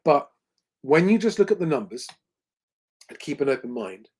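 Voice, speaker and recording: A man's voice: fairly high pitch, very animated, normal speed, darkish tone, breathy edge. A man hosting a livestream Q&A, talking conversationally with lots of ums and restarts. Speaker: host.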